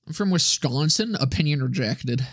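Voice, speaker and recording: A man's voice: fairly high pitch, animated, moderate pace, dry recording, studio quality. A young man streaming and chatting with viewers in a profane, rambling way, often laughing at his own jokes. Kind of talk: casual livestream chat with viewers.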